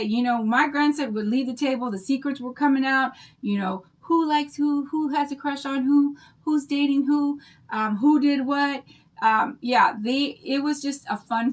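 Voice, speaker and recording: An older woman rambles happily to her livestream viewers, telling stories in a bubbly, chatty way. Her voice sits a little high for a woman. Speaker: craft livestream host.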